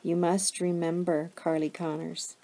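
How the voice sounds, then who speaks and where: Lady reading aloud doing a caring foster mom, gentle and reassuring, low with some fry. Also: flat delivery, measured pace. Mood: tender. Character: warm, caring foster mother.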